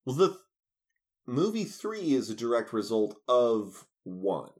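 Man, podcast co-host, casual film chat, wry jokes, lively pitch. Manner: wry and joking, quick to laugh. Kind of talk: casual movie discussion chat.

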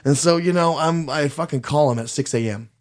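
This man's voice sits a little high and moves briskly, captured at studio quality with no echo. Chatting casually, he rambles through a long story, swearing frequently, talking bluntly, and being hard on himself; he comes from Mexican heritage.

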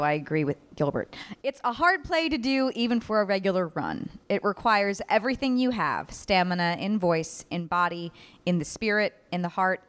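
A woman reading first-person testimony aloud at a live reading, earnest and measured. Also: lowish voice, a bit bright. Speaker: reader at a live oral-history reading.

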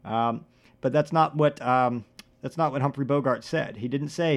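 A man hosting a comedy podcast, rambling and profane, with deadpan absurd jokes. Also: medium pitch, normal speed. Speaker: podcast host.

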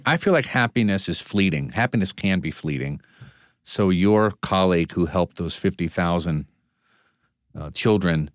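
A man interviewing his guest, attentive and quick with brief affirmations. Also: deep voice, no room sound, studio quality. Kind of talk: conversational interview.

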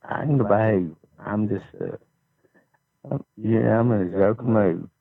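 A man chatting slowly and flirtatiously on a call, laughing at his own jokes. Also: lowish voice, vocal fry, husky, no room sound, phone-quality sound. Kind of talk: crude phone banter.

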